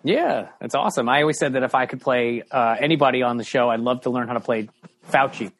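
A man's voice: medium pitch, quick pace, fairly bright tone, a little hiss or hum. A man hosts a casual chat in a mid-range voice, eager and upbeat. He talks in a friendly, keen way and laughs easily. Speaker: podcast host.

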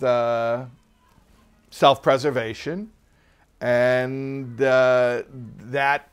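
A man teaching a religious text class, explaining ideas in an animated way and acting out little quoted voices. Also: medium pitch. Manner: animated, acts out quoted people, many restarts. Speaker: Torah teacher. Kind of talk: classroom lesson.

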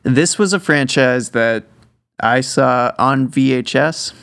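Gravelly-voiced laid-back man. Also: mid-range voice, slow pace, fairly bright tone. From Minnesota. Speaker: podcast co-host. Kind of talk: casual chat.

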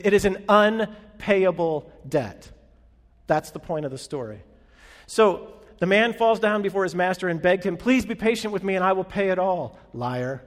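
A man preaching a sermon as pastor, talking conversationally and asking the room questions, swelling and dropping his loudness for emphasis. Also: high-pitched. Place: large hall with an audience. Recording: long hall reverb.

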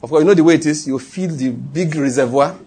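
A man with a Nigerian accent, preaching a sermon and telling stories, animated and laughing, with call-and-response. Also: fairly high pitch, quick pace, breathy edge. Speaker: pastor. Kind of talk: sermon with storytelling.

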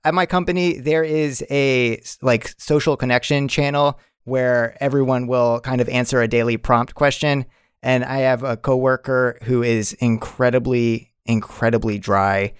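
A man's voice: mid-range voice, fairly even intonation, moderate pace, smooth, no echo, studio quality. A man playing in a comedic tabletop game, jokey and rambling. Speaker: player. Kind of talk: casual comedic roleplay.

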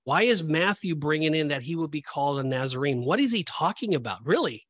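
A man with a fairly high voice leads a casual Bible teaching discussion on a podcast. He talks emphatically, leaning into his points and acting out reactions, and the sound is close and dry with no room around it. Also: a little fast, dry recording. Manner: animated, emphatic, acts out reactions. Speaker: Christian podcast co-host.

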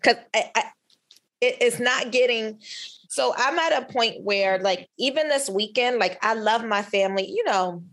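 An emphatic woman speaks candidly as a guest on a podcast. Her voice sits a little high, and she often breaks off and restarts her sentences as she talks. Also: moderate pace. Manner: expressive, emphatic, with frequent restarts. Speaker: podcast guest, physician researcher.

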